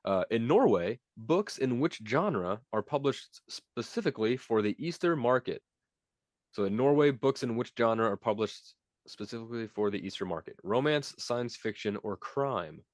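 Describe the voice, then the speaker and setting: A man's voice: mid-range voice, animated, no echo, clean studio sound. Playful young man reading quiz questions. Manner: playful, teasing, reads quiz questions quickly. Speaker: podcast co-host running a quiz. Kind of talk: casual podcast chat.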